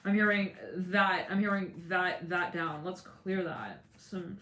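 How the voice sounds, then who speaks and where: Taking it slowly, a tarot reader speaks in a low-leaning voice that sounds pushed and bright. She rambles casually, laughs often and acts out people's words, recorded in an echoey room with faint ambience.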